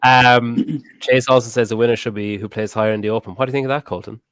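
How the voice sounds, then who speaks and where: A man's voice: medium pitch, steady tone, fast, a bit bright, smooth, no echo. A man hosting a podcast in casual chat, blunt and rambling, swearing freely. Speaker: podcast host.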